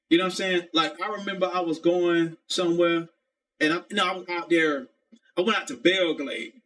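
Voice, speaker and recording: Male streamer, casual rambling rant, profane, slightly high voice. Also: fairly bright tone. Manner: rambling, profane, keeps saying "you know what I'm saying". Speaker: live streamer.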